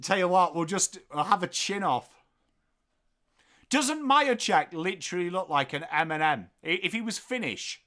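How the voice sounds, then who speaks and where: An English man hosting a live football watchalong, calling the play and joking with chat viewers in an excitable, playful way. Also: high-pitched, moderate pace. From England. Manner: excitable, jokey, bursts into loud calls of the play. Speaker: watchalong host.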